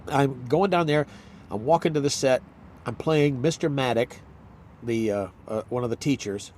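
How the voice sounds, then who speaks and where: An older actor in a casual chat, telling rambling anecdotes and acting out quotes. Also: male voice, mid-range voice, moderate pace, a little mellow, a little hiss or hum. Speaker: actor, guest.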